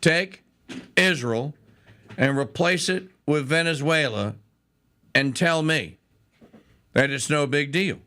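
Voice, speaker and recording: A man hosting a talk show, ranting in an animated, rambling way with asides. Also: a little high, a little slow, long pauses. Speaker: talk radio host.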